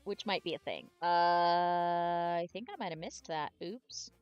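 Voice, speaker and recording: A woman chatting excitedly as she plays and reads through a story game, commenting aloud as she goes. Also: on the low side, unhurried, clean tone, dull audio, soft background music. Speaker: gamer streamer.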